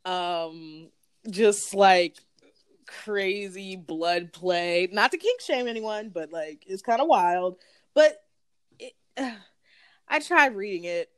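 A woman's voice: medium pitch, expressive, takes it slowly, smooth, no echo, studio quality. A woman co-hosting a casual podcast chat, slangy and talkative, laughing often. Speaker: podcast co-host.

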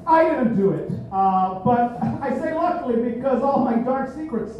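A man's voice: extremely high pitch, lively intonation, moderate pace, very echoey, dull audio, slight background noise. A man doing a live stand-up set in a comedy club, manic, rambling and self-mocking, secretly recorded from a distance.

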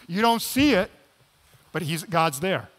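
A man preaching a sermon as pastor, moving between quiet, low asides and loud, emphatic appeals. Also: big pitch swings, a little slow. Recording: long hall reverb.

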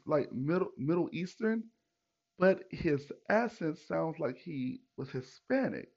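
A man hosting a podcast, telling a story in a casual, animated and profane way, acting out what people said. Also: fairly high pitch, takes it slowly, gravelly, highs cut off. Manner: animated, profane, retells with acted quotes. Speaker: podcast host.

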